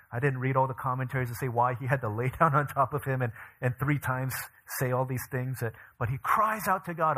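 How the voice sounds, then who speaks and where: Bright-voiced animated male pastor. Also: mid-range voice. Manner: animated storyteller who acts out quoted voices. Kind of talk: sermon with personal storytelling.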